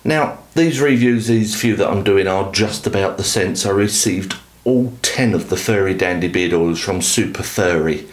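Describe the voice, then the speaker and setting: A man with a lowish voice reviews products for his channel, rambling cheerfully and poking fun at himself as he goes. His voice bounces around an echoey room, with a casual, straight-to-camera feel. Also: normal speed, few pauses. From United Kingdom. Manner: enthusiastic, rambling, self-deprecating.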